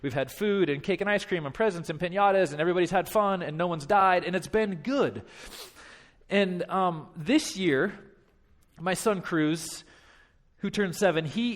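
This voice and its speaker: Brief: thirties male pastor, high-pitched voice, lively church storyteller. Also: moderate pace. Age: 30s. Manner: animated, self-deprecating, frequent restarts. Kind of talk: storytelling sermon.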